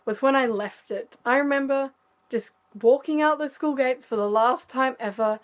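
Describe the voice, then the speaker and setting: A teenage girl telling a candid storytime vlog, sarcastic and animated. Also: sits high, moderate pace. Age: teens. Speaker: vlogger.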